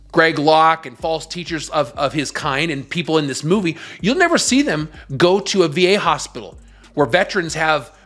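A man's voice: on the high side, a bit bright. A man hosting his own show, giving emphatic, scornful commentary in a preaching style. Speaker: host.

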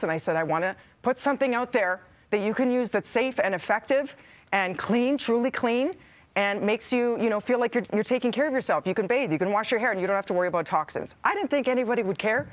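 A woman co-host of a morning TV show, giving a heartfelt on-air farewell to her viewers. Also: mid-range voice. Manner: heartfelt, warm, fighting back tears. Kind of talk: emotional on-air farewell speech. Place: TV studio.

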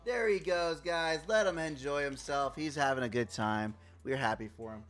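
A man live-streaming a game, talking casually with his chat in a loud, profane, playful way. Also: fairly high pitch, moderate pace, few pauses, faint music behind. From Puerto Rico.

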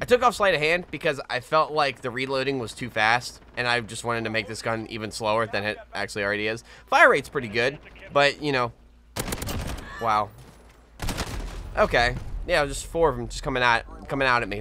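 A man giving casual gameplay commentary as a gaming video host, excitable and swearing often, with frequent laughs. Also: mid-range voice, fairly quick, a little hiss or hum. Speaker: gaming YouTuber. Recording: game gunfire behind voice. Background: game gunfire and explosions.

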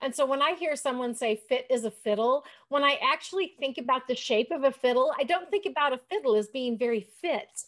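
Higher-voiced chatty woman co-host. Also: brisk, hardly any pauses, fairly bright tone. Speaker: co-host, historian. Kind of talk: casual chat.

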